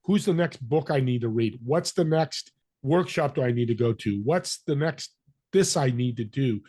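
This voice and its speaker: A man guest on a podcast telling a story, acting out the voices of people in it with lively energy. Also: mid-range voice, normal speed, dry recording. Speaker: podcast guest, business connector. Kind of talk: storytelling interview talk.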